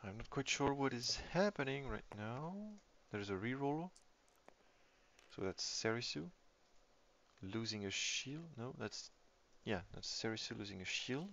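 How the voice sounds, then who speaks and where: A man's voice: mid-range voice, animated, unhurried, creaky, a bit bright, slight background noise. A man giving casual live-stream commentary on a tabletop game, thinking aloud as he reads the game state. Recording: dull lo-fi stream audio.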